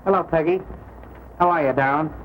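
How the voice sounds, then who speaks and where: An actor playing a fast-talking newspaper reporter in 1930s film acting, coaxing his sweetheart on the telephone. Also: on the high side, noisy background, natural voice. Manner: coaxing, pleading on the phone.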